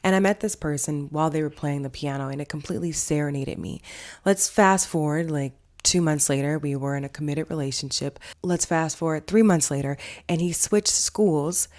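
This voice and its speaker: Low-voiced woman telling a story. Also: normal speed, darkish tone. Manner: chatty storytelling, acts out quoted dialogue. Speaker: vlog host and family counselor. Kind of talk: casual storytime vlog.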